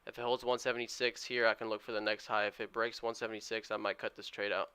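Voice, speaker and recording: A man's voice: lowish voice, flat delivery, fast talker, pushed and bright, clear, resonant tone. A man streaming his day trading live, giving a running play-by-play and urging the price moves on to his viewers. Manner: eager, urges price moves on.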